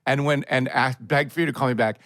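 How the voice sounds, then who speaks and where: A man's voice: mid-range voice, quick pace, dry recording, studio quality. A man co-hosting a podcast, telling a story in casual chat and acting out the people he quotes. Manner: animated, acts out quoted voices. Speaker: podcast co-host.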